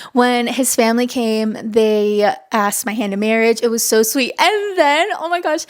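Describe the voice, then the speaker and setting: A woman in her twenties hosting a podcast solo, telling a personal story in a gushing, chatty way, full of "like" fillers and easily moved to giggles. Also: fairly high pitch. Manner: often emotional and giggly. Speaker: podcast host.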